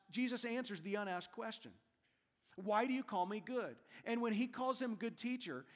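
Male pastor, high voice, earnest sermon, reverberant church hall. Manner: earnest, emphatic preaching with rhetorical questions. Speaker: senior pastor.

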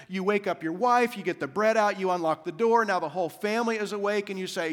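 A man's voice: high voice, quick pace, few pauses, a bit bright. A male senior pastor preaching a sermon, conversational and humorous, with rhetorical repetition. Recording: long hall reverb.

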